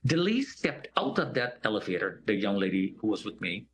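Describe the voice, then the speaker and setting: Very animated and speaking a little fast, a man with a fairly low voice recounts a personal story during an interview. He's a vivid storyteller, performing the quoted voices of the other characters.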